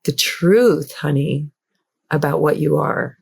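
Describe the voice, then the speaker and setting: A woman guest on an interview podcast, speaking in a gentle, affirming way and repeating phrases for emphasis. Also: low-pitched, slow pace, gravelly, breathy edge. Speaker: guest author.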